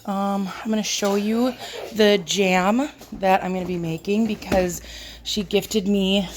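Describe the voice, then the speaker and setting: Working away in her home kitchen, a squeaky-voiced woman vlogs about homestead life, joking about herself in a chatty, casual manner. Her tone is steady and unhurried, with a little hiss or hum in the background.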